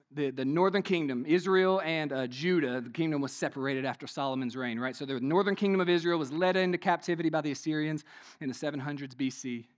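A man preaching a sermon in a conversational way, with many rhetorical questions, frequent "right?" tags and "y'all". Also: on the high side. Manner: says "y'all".

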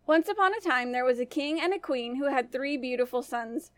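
Woman, storyteller, podcast fairy tale, gentle, high voice, dry close sound. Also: a little fast, no echo. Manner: gentle, family-friendly telling.

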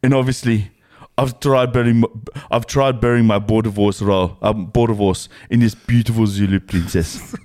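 A man's voice: on the low side, steady tone, normal speed, darkish tone, lightly acted. A man putting on an Afrikaans South African accent to voice a rowdy young rugby tourist, boisterously reading a listener's letter aloud for laughs. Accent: Afrikaans South African, put on. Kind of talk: comedic read-out in a put-on accent.

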